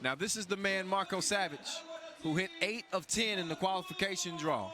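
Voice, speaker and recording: A man's voice: sits high, fairly quick. A man calling live basketball play-by-play in a casual, joking way, full of fillers and restarts. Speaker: sports commentator. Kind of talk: live sports commentary. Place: basketball event venue.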